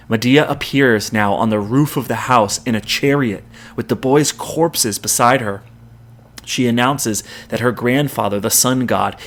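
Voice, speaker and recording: A man's voice: medium pitch, fairly bright tone. Man retelling a Greek tragedy. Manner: dramatic storytelling with quoted lines. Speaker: podcast host.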